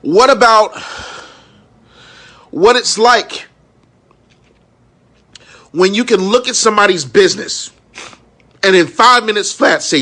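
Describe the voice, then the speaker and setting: A man in his thirties with a high, tense, bright voice speaks in a raw live-stream monologue. He is frank and emotional and curses freely. He keeps checking that his audience is with him. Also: unhurried, long pauses. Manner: raw, frank and emotional, with profanity and many "you know what I'm saying". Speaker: minister and entrepreneur.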